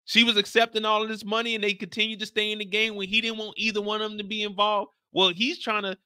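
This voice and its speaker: Host type: American man, casual show recap to live chat, playful and slangy, fairly high voice. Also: fast, smooth, no echo, studio quality. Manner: animated, slangy, playful, reads out chat questions.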